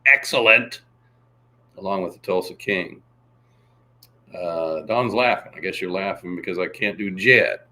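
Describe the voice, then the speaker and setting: A man's voice: low-pitched, a little slow, long pauses, pushed and bright. A man hosting a casual livestream, rambling and reading out viewer chat. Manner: rambling, reads chat aloud, tries impressions. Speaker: livestream host.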